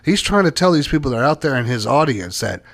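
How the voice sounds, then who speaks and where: A man co-hosting a political talk show, emphatic and opinionated, with halting restarts. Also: medium pitch, big pitch swings, a bit bright.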